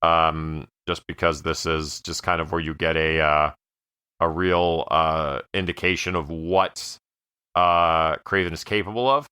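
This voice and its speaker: A man's voice: rumbling low, steady tone, pushed and bright, clear, resonant tone, dry recording. A man co-hosting a podcast, talking casually about a movie with lots of "um" and "kinda" fillers. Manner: filler-heavy, measured. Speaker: podcast co-host. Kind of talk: casual movie review chat.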